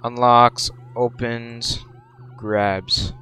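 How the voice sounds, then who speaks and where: A man's voice: mid-range voice, little pitch movement, drawn-out words, sharp tone, clean tone. A young man giving gameplay commentary while role-playing a police officer, barking orders and exclaiming in surprise. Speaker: gameplay video creator.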